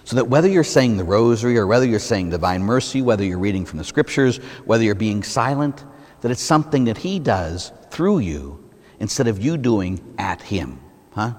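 Priest in the pulpit, middle-aged man, animated delivery, rhetorical questions, voice rings in a long church reverb. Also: on the low side, normal speed. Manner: conversational preaching with rhetorical questions and acted-out examples. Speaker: Catholic priest. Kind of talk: sermon.

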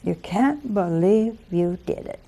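Woman preacher on a call-in show, slow and mellow, coaxing and intimate. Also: mid-range voice, lively intonation, gravelly. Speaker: religious TV host and preacher. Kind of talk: devotional preaching with call-ins.

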